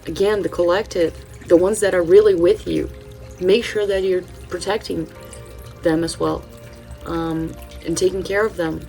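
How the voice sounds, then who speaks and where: A lowish, gravelly-voiced woman from Brazil, a native Portuguese speaker, talks in English with a mixed British and Californian accent. She chats through an oracle card reading in a loose, digressive way, full of ums and restarts, with faint music behind her. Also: steady tone, moderate pace, warm tone, poor audio. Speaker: channel host, spiritual card reader.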